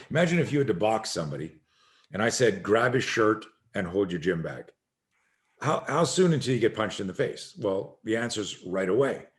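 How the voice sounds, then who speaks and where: Lower-voiced man telling a self-defense story. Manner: acts out quoted voices, swearing, emphatic. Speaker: self-defense instructor, podcast guest. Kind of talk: animated storytelling interview.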